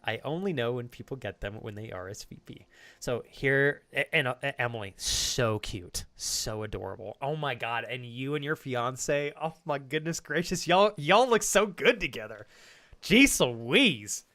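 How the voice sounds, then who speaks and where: A man streaming live, chatting casually with his viewers and reacting to their messages, animated and hyped, with casual swearing. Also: medium pitch, normal speed. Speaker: streamer reading chat.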